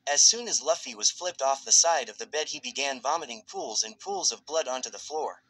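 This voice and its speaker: A man reading fan fiction aloud as a narrator in a steady, even storytelling voice. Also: mid-range voice, a little fast, poor audio.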